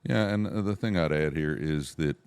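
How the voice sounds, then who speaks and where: A man's voice: a bass voice, normal speed, darkish tone, clear, resonant tone, dry recording. A man speaking in a casual conversation, giving earnest, emphatic advice with plenty of hedging. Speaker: network marketing leader, co-host.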